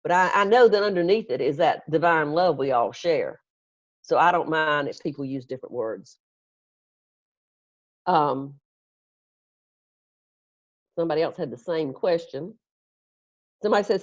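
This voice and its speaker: A woman's voice: sits low, a little slow, pauses often, no echo. A middle-aged woman minister, chatting through congregation questions in a folksy, conversational way and chuckling often. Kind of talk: casual question-and-answer with congregation. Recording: dull, dry, lo-fi stream audio.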